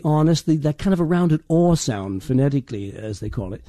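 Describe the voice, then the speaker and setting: A man who coaches dialects talks in a mellow, warm voice with a trace of an Irish accent. He stumbles and restarts often as he explains. The recording is dry and close. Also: fairly high pitch, no room sound. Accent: partly Irish. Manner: halting, many restarts, slips into demo accents. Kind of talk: explanatory interview talk.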